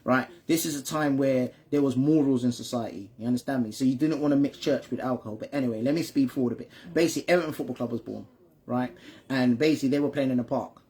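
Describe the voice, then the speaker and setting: A father, who is also the channel host, chats casually with his son about football history in a fast, medium-pitched voice with a darkish, slightly rough tone. He keeps checking in with "right?" and "you understand me?", repeating and restarting words when he stumbles.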